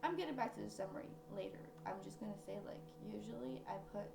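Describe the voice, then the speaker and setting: Young Norwegian-accented woman, rambling book vlog, gravelly low-energy tone, echoey room. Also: expressive, quick pace, background noise. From Norway. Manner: rambling, sidetracks often, many fillers. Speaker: book vlogger. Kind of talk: casual chat.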